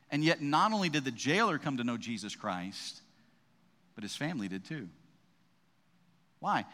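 In a large hall with long reverb, a man with a sharp, mid-range voice preaches as a pastor. His style is conversational, often restarting and tossing in "right?" asides.

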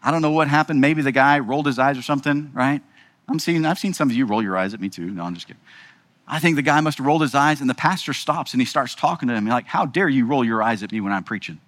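A man's voice: medium pitch, quick pace, a bit bright. A man preaching a sermon as pastor, emphatic and rhetorical, often checking in with the audience. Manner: emphatic, rhetorical, keeps asking the audience "right?".

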